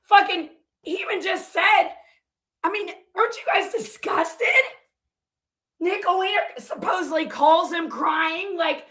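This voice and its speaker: A woman's voice: very high-pitched, takes it slowly, fairly bright tone. A woman vlogger reading viewer comments aloud and reacting with heated, profane, confrontational ranting.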